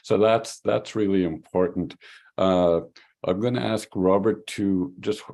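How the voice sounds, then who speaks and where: Deep-voiced, slow, halting male host. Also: fairly even intonation, creaky, a little mellow. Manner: halting, many fillers and restarts. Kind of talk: hosting an online storytelling event.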